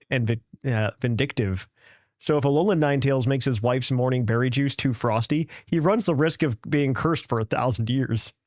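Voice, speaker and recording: A man's voice: medium pitch, no room sound, studio quality. A man hosting a casual podcast, reading a listener's email aloud in a playful, jokey way and tripping over words now and then.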